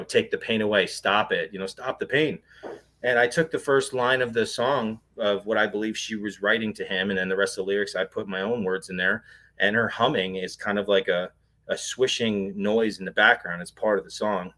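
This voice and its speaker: This guest on an interview show is a paranormal investigator whose voice sits low with a fairly bright tone. He sincerely relates a personal experience, wandering as he goes and constantly filling and restarting his sentences.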